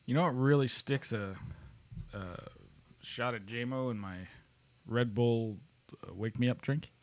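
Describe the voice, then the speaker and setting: A man's voice: medium pitch, a little slow. A man co-hosting a podcast, playful and laughing along in casual chat. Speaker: podcast co-host.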